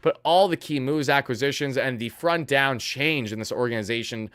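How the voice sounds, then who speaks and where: A man's voice: medium pitch, normal speed, fairly bright tone, smooth, dry recording. Earnest young man hosting a sports livestream. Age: 20s. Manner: earnest and emotional, reading out viewer donations. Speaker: livestream host. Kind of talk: casual livestream sports commentary.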